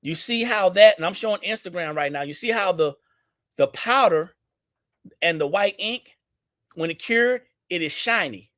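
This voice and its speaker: A man's voice: high voice, expressive, moderate pace, a bit bright. A man from Louisiana with a Southern accent, hosting a casual live-stream product demo for his shop. He is chatty, repeats himself and talks straight to his viewers. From Baton Rouge, Louisiana.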